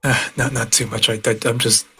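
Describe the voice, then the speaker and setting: Hushed man on a call, nervous laughs. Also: mid-range voice, steady tone, fairly quick, slight background noise. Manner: speaking quietly, almost whispering, with nervous laughs. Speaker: guest on a voice call.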